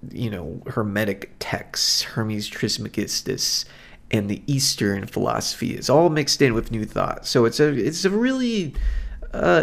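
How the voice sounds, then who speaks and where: A man's voice: lowish voice, gravelly. A man hosting a solo podcast, talking in a rambling, self-deprecating and reflective way. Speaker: podcast host. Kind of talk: casual solo podcast monologue.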